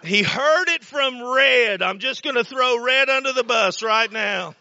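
Guy preaching a sermon, real high and bright voice, folksy stories, keeps repeating himself, dull dry sound. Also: unhurried, vocal fry, dry recording. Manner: folksy storytelling with repeated words and sudden shouts. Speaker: pastor.

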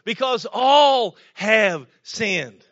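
A man preaching a sermon in a folksy, storytelling way, repeating words and now and then breaking into shouts. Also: high-pitched, animated, extremely slow, dry recording, lo-fi sound. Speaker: pastor.

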